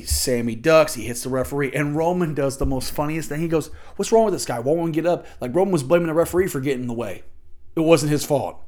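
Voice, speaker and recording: A man hosting a casual wrestling review show. He talks excitedly and acts out the wrestlers' and commentators' lines as he recaps the matches. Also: a little high. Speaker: wrestling podcast host.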